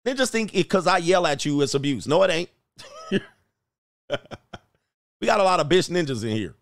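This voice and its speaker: A man with a fairly high voice delivers blunt, profane reaction commentary as a dating coach. He fires off mocking rhetorical questions and laughs at his own points. The sound is dry and close. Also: animated, moderate pace, creaky, no echo.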